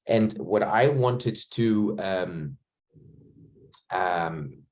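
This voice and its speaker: A man's voice: lowish voice, animated, a little mellow. A man, an actor reflecting at length in an interview over a video call, choosing his words carefully. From Germany. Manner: thoughtful, searching for words, measured.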